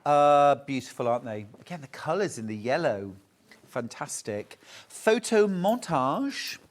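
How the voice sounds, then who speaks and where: A man's voice: mid-range voice, expressive, normal speed. A man presenting fabrics on a live sewing shopping show, chatty and enthusiastic, gushing over every print. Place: television studio.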